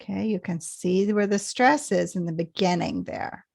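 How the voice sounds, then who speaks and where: A woman teaching English pronunciation in a patient lesson, repeating phrases slowly so learners can follow. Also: mid-range voice, vocal fry, a little mellow, dry recording, clean studio sound. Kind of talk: slow explanatory lesson.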